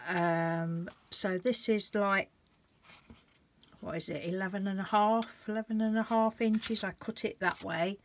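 A woman's voice: medium pitch, fairly even intonation, a little slow. A woman hosting a casual painting tutorial, chatting and thinking aloud as she works and gushing over the colours. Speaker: craft channel host.

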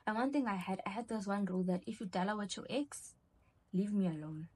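A woman's voice: mid-range voice, fast, darkish tone, slightly rough. A young woman telling a storytime vlog, acting out the dialogue of the people in her story. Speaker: vlogger.

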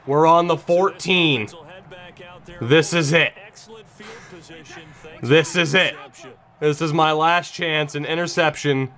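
A young man commentating his own football video game, emotional and swearing, going from tense muttering to high yelling. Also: takes it slowly, long pauses. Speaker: gaming YouTuber. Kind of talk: gameplay commentary.

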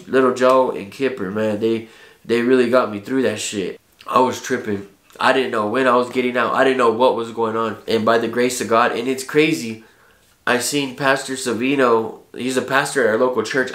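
Male vlogger, casual heartfelt storytelling, street slang and profanity, mid-pitched, roomy echo. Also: fairly bright tone. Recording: echoey room.

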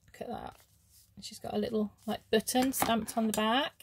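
A woman chatting casually as she opens craft mail, gushing with soft oohs and ums. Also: a little high, steady tone, normal speed, vocal fry, noisy background. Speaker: craft vlogger. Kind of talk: casual unboxing chat.

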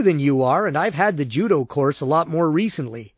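A man's voice: fairly high pitch, animated, brisk, breathy edge, no echo. A man narrating an audiobook in the first person with a wry, sardonic tone, on a dull lo-fi recording.

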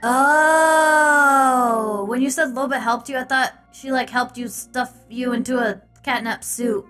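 A jumpy animatronic chicken from a fan cartoon, shrieking in panic and stammering out apologies, as a woman voices her. The voice sits very high and squeaky, with a bright, piercing edge. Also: fairly even intonation, slow, faint music behind. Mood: nervous. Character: jumpy female animatronic chicken, easily scared.

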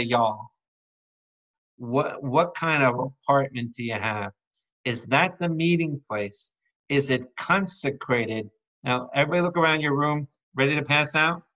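A man, a priest, teaching a lively Bible study, calling out questions to his listeners and joking between readings. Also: medium pitch. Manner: calls out to the audience with repeated questions; playful, jokes and breaks into song. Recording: dull lo-fi recording.

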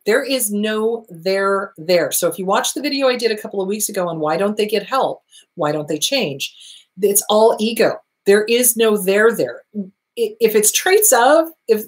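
Woman therapist, casual talk, emphatic, repeats points for stress, middle-pitched voice. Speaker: therapist hosting a question show. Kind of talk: answering viewer questions, casual monologue.

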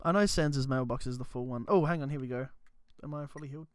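A man's voice: mid-range voice, fast talker. A man on a headset mic chatting in rambling asides while streaming a video game. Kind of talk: let's play commentary.

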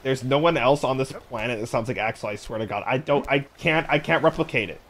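A man's voice: mid-range voice, brisk, fairly bright tone. A man streaming a game and chatting casually, rambling with repeated restarts and sudden swearing outbursts. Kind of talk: casual chat while playing a game.

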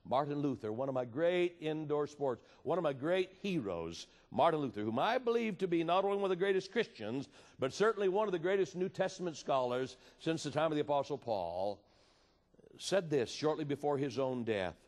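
A man preaching a sermon with passion, moving between loud appeals and hushed storytelling. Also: on the high side, expressive, a little fast. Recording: reverberant hall.

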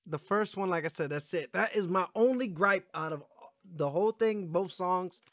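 A man's voice: high-pitched, moderate pace, fairly bright tone, no echo, studio quality. A man giving casual, rambling commentary while reacting to music, swearing often and yawning now and then. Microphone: gaming headphones setup.

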